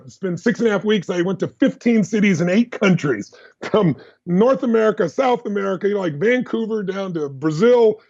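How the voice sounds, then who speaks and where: A man as a podcast guest, telling personal stories in an animated, emphatic, fast-flowing way. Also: sits high, muffled recording. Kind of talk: energetic personal storytelling.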